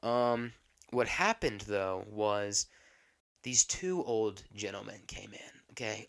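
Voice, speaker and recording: A man's voice: lowish voice, animated, slow, gravelly, fairly bright tone. A man hosting a podcast who tells a rambling, chatty story about his job, often checking in with the audience. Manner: rambling, chatty, frequent fillers and "okay?". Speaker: podcast host. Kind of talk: casual storytelling.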